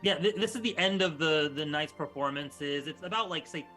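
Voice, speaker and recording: Bright-voiced male game master. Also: fairly high pitch, normal speed, faint music behind. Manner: casual, filler-heavy. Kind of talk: narrating a tabletop game.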